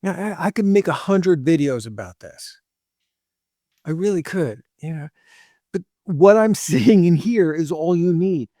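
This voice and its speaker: A man with a fairly high voice hosts a dating advice talk, lecturing bluntly straight at the listener. He drops short laughs between points and slips into quoted voices of women. The sound is dry and close, with no room around it. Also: animated, measured pace, mellow, no room sound. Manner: blunt, lectures directly, acts out women's lines. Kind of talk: opinionated monologue to camera.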